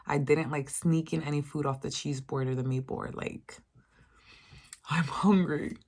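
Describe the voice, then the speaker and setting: Vlogger, woman, 20s, low-pitched, casual profane storytime rant with quoted voices. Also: measured pace. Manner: animated, profane, mimics others in a higher voice.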